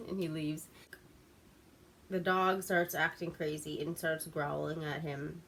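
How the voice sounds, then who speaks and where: Giggly, slow-talking woman recapping a movie. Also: sits low, level tone, vocal fry, a bit bright, a little hiss or hum. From Alaska. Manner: giggly, profane, rambling with many fillers. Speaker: movie reviewer host. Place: at home.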